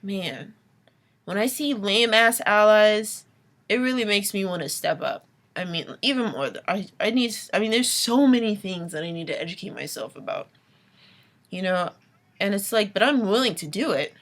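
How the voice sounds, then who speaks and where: A woman's voice: mid-range voice, lively intonation, normal speed. Exasperated young woman ranting to camera. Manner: exasperated, ranting, with sighs and whispered asides. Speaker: vlogger. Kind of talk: late-night vlog rant.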